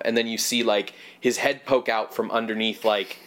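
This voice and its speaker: A man co-hosting a casual film podcast, thinking out loud in long, looping sentences. His voice rises and falls in lively swings as he gets caught up in his points. He curses offhandedly. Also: on the low side, moderate pace. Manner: rambling, animated, swears casually. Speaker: podcast co-host.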